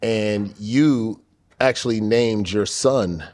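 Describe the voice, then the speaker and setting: A man's voice: on the low side, a little mellow. A man hosting a casual interview podcast, easygoing and asking his guest questions. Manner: easygoing, asks questions with quick laughs. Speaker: podcast host.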